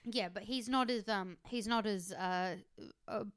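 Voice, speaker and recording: A woman co-hosting a podcast, chatting casually and playfully about a reality dating show, laughing and doing quick impressions. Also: mid-range voice, a bit bright, clear, resonant tone, no room sound, studio quality. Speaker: podcast co-host.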